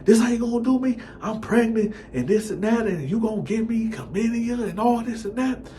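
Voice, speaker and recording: A man voicing an angry pregnant young woman who confronts her boyfriend, shrill and accusing. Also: lively intonation, takes it slowly, darkish tone. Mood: shrieking.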